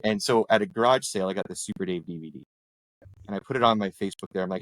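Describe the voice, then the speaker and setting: This local councillor from Canada talks very fast in a lowish, slightly bright voice while guesting on a podcast. He's middle-aged and tells casual anecdotes, jumping into impressions when quoting people. The recording is dry and rough.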